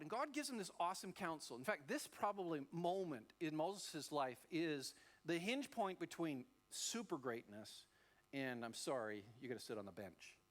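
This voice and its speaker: A man preaching a sermon as a pastor, telling the story in a lively way and acting out the voices. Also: fairly high pitch. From Australia.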